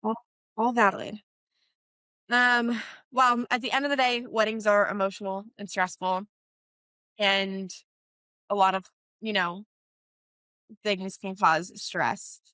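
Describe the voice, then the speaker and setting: Brief: young woman planner-host, bright tone, dry close sound, filler-heavy casual chat. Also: medium pitch, steady tone, slow pace, pauses often, no room sound. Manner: chatty, many fillers like "um" and "like". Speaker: podcast host, wedding planner.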